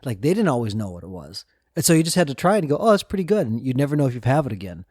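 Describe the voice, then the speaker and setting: A man's voice: medium pitch, very animated, rapid-fire, darkish tone, no room sound, studio quality. A middle-aged man hosting a podcast, reflective and easygoing, asking questions and sharing his own travel stories. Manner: reflective, asks guiding questions, laughs lightly. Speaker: podcast host. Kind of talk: casual podcast chat.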